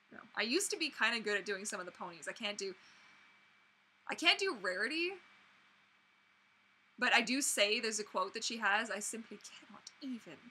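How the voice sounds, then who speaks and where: Bright, chatty young woman livestreamer. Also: mid-range voice, rough recording. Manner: chatty and animated, lots of fillers and restarts. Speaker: mermaid performer and livestream host. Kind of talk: casual livestream chat answering viewers. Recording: faint background noise.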